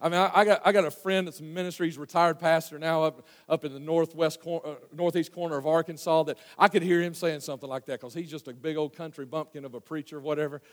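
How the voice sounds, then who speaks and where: A preacher with a high, folksy voice works through a scripture story, rising to near shouts and dropping to hushes. His sermon rings through a long hall reverb. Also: steady tone, quick pace, hardly any pauses.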